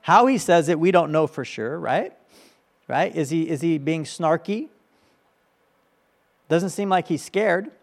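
A man's voice: on the high side, lively intonation, a little slow, vocal fry, long pauses. A male pastor giving a conversational sermon, often checking in with his listeners by asking "right?".

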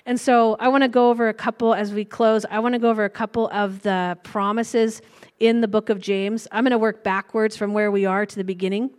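A middle-aged woman preaching a sermon and sharing a personal testimony, earnest and reflective, slowing down to stress key lines. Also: mid-range voice, steady tone.

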